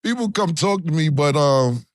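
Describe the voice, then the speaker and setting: A man's voice: fairly high pitch, lively intonation, normal speed. A man in a casual interview, playful and teasing, often laughing as he talks. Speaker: interview guest.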